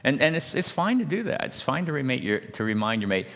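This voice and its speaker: Low-voiced man teaching in a reverberant hall. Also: animated, vocal fry, fairly bright tone. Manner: halting, repeats words, checks in with "okay?". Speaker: marriage seminar speaker. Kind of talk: church seminar talk. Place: church hall.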